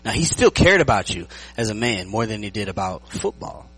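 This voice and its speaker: Husky-voiced pastor joking through a sermon. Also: male voice, on the low side, brisk, low-quality recording. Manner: lively, joking, checks in with the audience.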